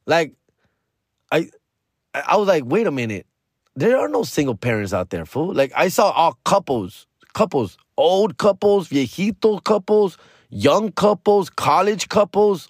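A man's voice: on the high side, dry recording, studio quality. A comedian hosting his podcast, telling a loose, repetitive story in casual slang. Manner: loose, slangy and repetitive, drops in "bro" and "fool".

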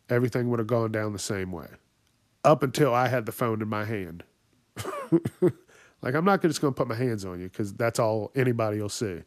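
A man's voice: medium pitch, no room sound, clean studio sound. A man hosting a podcast, ranting angrily and swearing constantly, acting out other people in raised voices. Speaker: podcast host. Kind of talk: profane ranting monologue.

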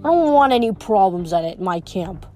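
A woman's voice: medium pitch, animated, normal speed, dark tone, soft background music, lightly acted. Storybook part: sneering cursed old spirit guy, cold and threatening, read by a woman, plain voice.

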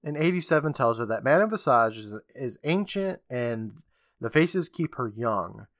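A man's voice: medium pitch, expressive, normal speed, a bit bright, no echo, clean studio sound. A man co-hosting a casual podcast, recapping episodes with a chatty manner, acting out quotes and laughing often.

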